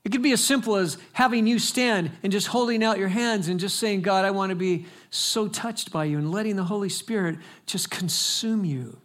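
A man's voice: high-pitched, normal speed, few pauses, a bit bright. A man preaching a sermon as pastor, telling stories in a conversational way and building to emphatic exhortation.

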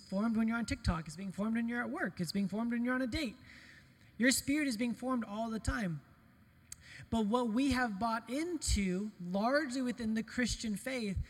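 Middle-aged male pastor, lively storytelling sermon, light on himself; higher voice, big hall reverb. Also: slightly rough. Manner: animated, storytelling, self-deprecating humor. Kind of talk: conversational sermon with personal stories.

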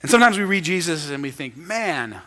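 Male pastor, high and bright voice, conversational sermon, acts out quotes, long church reverb. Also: big pitch swings, brisk. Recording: long reverb of a large hall.

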